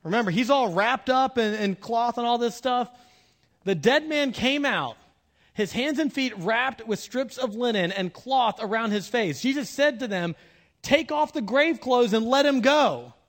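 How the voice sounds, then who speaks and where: A man preaching a conversational sermon with humorous asides, swinging between loud bursts and hushed moments. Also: very high voice, expressive, moderate pace. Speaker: pastor.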